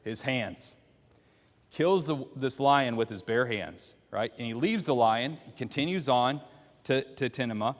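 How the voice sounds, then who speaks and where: A man's voice: mid-range voice, lively intonation, unhurried, in a large hall. A man teaching a Bible class, walking listeners through the story by quizzing them with questions. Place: church classroom.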